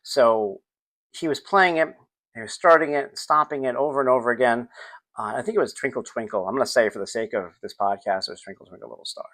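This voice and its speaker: A man's voice: medium pitch, brisk. A middle-aged man hosting a casual solo podcast, telling stories about his son and acting out the scenes. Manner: animated, acts out scenes, sings snippets. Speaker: podcast host.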